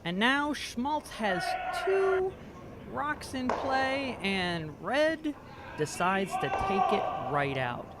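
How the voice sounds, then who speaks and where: A man's voice: extremely high pitch, very animated, extremely slow, very noisy. A man doing amateur commentary on a curling game, joking and self-deprecating and stumbling over players' names. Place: curling rink.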